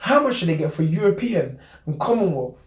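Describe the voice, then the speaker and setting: A boxing manager talks emphatically, repeating his points and boasting as he tells stories. His voice sits a little high for a man and echoes in a roomy space. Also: big pitch swings, fairly quick. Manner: emphatic, repetitive, boastful storyteller. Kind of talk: interview guest telling stories. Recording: echoey room.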